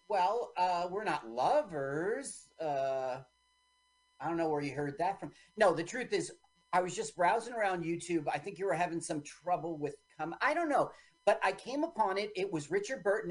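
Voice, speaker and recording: A woman co-hosting a radio show, bantering playfully about a movie, jokey and quick to interrupt. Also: on the low side, lively intonation. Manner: joking, quick to interrupt and argue. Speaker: radio co-host. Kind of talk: casual banter while watching a movie. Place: radio studio.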